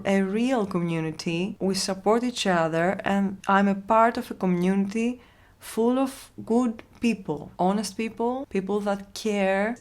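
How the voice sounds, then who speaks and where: A woman ASMR host talking in a halting, heartfelt vlog, with a voice worn from illness and frequent restarts. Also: medium pitch, gravelly. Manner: halting, repeats herself, soft laughs. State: losing her voice from illness. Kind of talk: emotional casual vlog talk.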